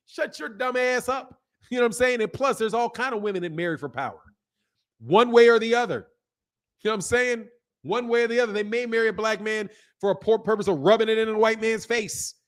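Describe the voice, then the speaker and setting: Blunt, high-voiced streaming host. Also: male voice. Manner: blunt, profane, laughs often, animated asides. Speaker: boxing channel host. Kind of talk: casual livestream chat reading viewer comments.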